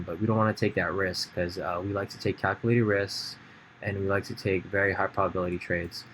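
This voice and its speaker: A man's voice: on the low side, fairly bright tone, a little hiss or hum. A man giving a casual screen-share trading tutorial, thinking aloud with fillers and restarts. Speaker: trading educator.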